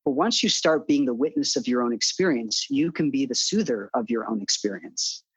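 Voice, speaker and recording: A middle-aged man speaking calmly and earnestly as a podcast guest, sometimes acting out soothing self-talk. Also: medium pitch, normal speed, slightly rough, no room sound, rough recording. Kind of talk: interview conversation.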